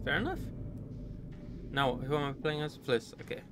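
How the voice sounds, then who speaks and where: A man's voice: a little high, sing-song, moderate pace, background noise. A man casually commenting on a horror game he is playing, joking and reading text aloud. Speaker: gaming streamer. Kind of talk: casual let's-play commentary.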